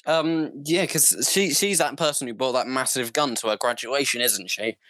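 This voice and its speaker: A young man co-hosting a casual podcast over an online call, earnest and halting with many fillers. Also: medium pitch, fairly bright tone, no echo. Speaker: podcast co-host. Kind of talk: casual opinion chat. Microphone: online call mic.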